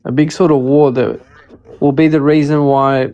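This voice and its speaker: A man talking as a guest in a casual chat, relaxed and loose, linking thoughts with "like". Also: fairly high pitch, normal speed, highs cut off.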